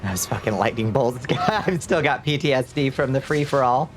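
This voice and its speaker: Faint music plays behind a man who is gaming live and chatting with his audience, playful and quick to laugh as he warmly greets chat. He has a light lilt and an expressive, medium-pitched voice at a moderate pace.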